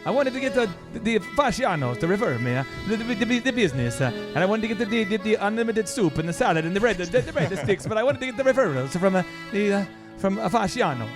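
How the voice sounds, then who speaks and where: A man's voice: high voice, fast, hardly any pauses, over music. A man hosting a business coaching podcast, telling stories emphatically and restarting his sentences often. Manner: emphatic, animated storytelling with many restarts. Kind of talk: energetic coaching talk with anecdotes.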